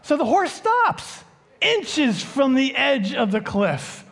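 Male pastor, slow joking sermon delivery, long church reverb. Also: extremely high pitch, big pitch swings, creaky, fairly bright tone. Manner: unhurried, joking storyteller.

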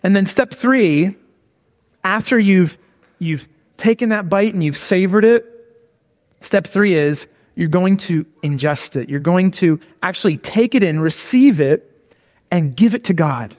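High-voiced man preaching in a reverberant hall. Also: animated, unhurried, darkish tone. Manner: conversational, repeats "okay?" and "all right?" to check in. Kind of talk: sermon.

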